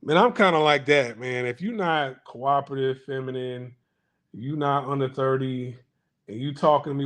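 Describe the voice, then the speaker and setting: A man's voice: mid-range voice, moderate pace, fairly bright tone. A man hosting a casual monologue to viewers, ranting bluntly with profanity and frequent restarts. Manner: acts out others' voices in anecdotes. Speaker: commentary channel host.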